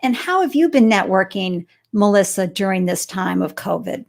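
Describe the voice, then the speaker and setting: A woman's voice: mid-range voice, lively intonation, moderate pace, creaky. A woman from Boston hosting a live-stream interview show, bubbly and effusive as she welcomes viewers and her guest. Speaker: host.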